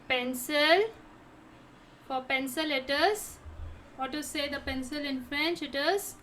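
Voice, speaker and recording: Slow, high-voiced woman teaching vocabulary. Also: pushed and bright. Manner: repeats each word several times, asks herself "how to pronounce?". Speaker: French teacher. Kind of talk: slow vocabulary lesson with repetition.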